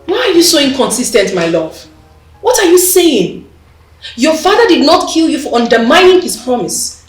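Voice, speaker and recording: An actress with a Nigerian accent playing a scheming, sharp-tongued royal wife who mocks and presses with pointed questions. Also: female voice, high voice, sing-song, normal speed. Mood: shocked. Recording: roomy echo, mic at a distance, faint music.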